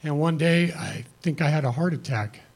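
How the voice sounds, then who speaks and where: A man's voice: on the high side, animated, moderate pace, gravelly, slightly rough. A middle-aged man speaking plainly and earnestly, giving a personal testimony to a congregation. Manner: earnest, conversational, plain-spoken. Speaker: church member giving testimony.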